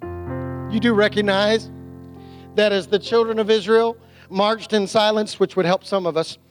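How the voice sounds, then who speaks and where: A man preaching a sermon as a pastor, animated, with restarts and quotes he acts out. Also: high-pitched, unhurried, over music.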